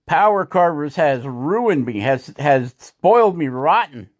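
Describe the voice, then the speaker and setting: A man's voice: fairly high pitch, very animated, unhurried, no echo, dull audio. A man hosting a woodcarving channel, talking through a carving tutorial in a folksy, joking, chatty way. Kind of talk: casual carving tutorial narration.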